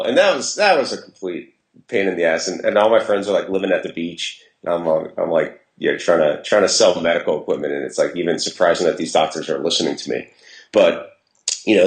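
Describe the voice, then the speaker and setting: Man, very low voice, casual rambling storyteller, echoey room. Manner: rambling, self-deprecating, frequent restarts. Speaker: interview guest, entrepreneur. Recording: roomy echo.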